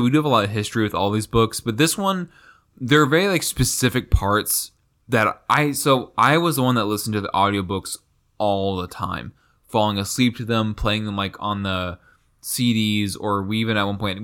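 A young man tells his stories in a loose, rambling way on a casual podcast. His voice is low but bright and forward, and his delivery is easygoing. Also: normal speed. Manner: rambling, laid-back storytelling with fillers. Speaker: podcast co-host. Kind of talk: casual chat.

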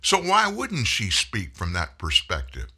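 A man with a low-pitched voice and a sharp, bright edge that cuts through every phrase. He hosts a political monologue in a scornful, folksy way, swinging his pitch up and down as he mocks. His speech lilts widely rather than staying level. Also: huge pitch swings, a little slow, breathy edge. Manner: mocking, folksy, scornful asides. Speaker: political commentary host. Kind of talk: opinionated monologue.

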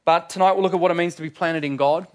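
A man's voice: fairly high pitch, fairly even intonation, fast. A man preaching a sermon in a church, earnest and emphatic, with frequent fillers.

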